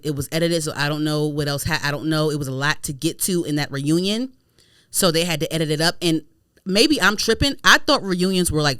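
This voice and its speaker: A young woman from Maryland co-hosting a podcast, rambling through animated casual chat with lots of fillers. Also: fairly low pitch, clear, resonant tone, no room sound, studio quality. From United States, Prince George's County, Maryland. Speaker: podcast co-host.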